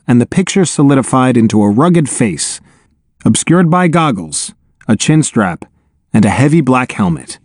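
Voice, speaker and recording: A man narrating a storybook in the first person, with a wry, lively delivery. His pitch sits in the middle and swings widely. The recording is close and completely dry. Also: no room sound. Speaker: audiobook narrator.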